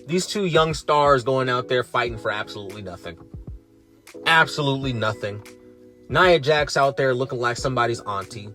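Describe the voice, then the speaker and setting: A young man ranting sarcastically through a wrestling show review, swearing freely and pitching his voice up in disbelief. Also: normal speed, bright, forceful tone, soft background music. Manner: profane, sarcastic, exasperated, voice rising in disbelief.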